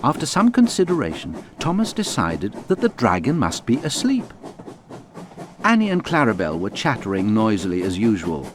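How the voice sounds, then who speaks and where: A man narrating a children's audiobook in a lively, expressive storytelling voice. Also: lowish voice, normal speed, noisy background.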